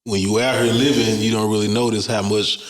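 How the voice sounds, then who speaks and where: A man's voice: on the low side, flat delivery, a little fast. A man hosting a casual interview, laid-back, with frequent short affirmations. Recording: echoey room.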